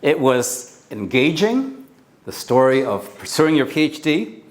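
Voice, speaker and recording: A man evaluating a speaker at a club meeting, an encouraging coach who mixes praise with advice in an expressive way. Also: measured pace. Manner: expressive, often shifting pitch and pace. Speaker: speech evaluator.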